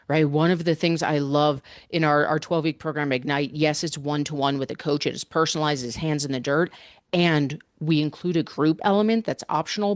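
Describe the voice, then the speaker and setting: A woman's voice: low voice, no room sound, clean studio sound. A middle-aged woman coach hosting a podcast, talking energetically and emphatically in a conversational monologue, often checking in with "right?". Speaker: fitness coach and podcast host.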